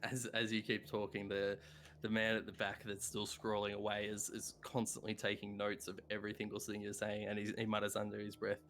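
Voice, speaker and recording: Low-voiced male game master. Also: completely flat delivery, a little fast, a bit bright, slight background noise. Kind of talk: narrating a tabletop game.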